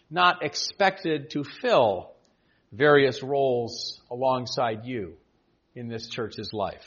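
A man in his sixties, a pastor, reading a prepared farewell address to his congregation in a measured, earnest way with touches of gentle humor. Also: fairly high pitch, muffled recording.

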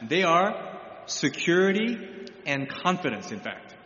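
A man delivers a teaching sermon from the pulpit in a somewhat higher register, stopping and restarting his phrases as he explains. The recording is dull and lo-fi, with a long reverb from a large, echoey room. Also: very animated, bright, forceful tone. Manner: explanatory, halting with repeated restarts. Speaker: pastor. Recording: echoey hall, dull lo-fi sound.

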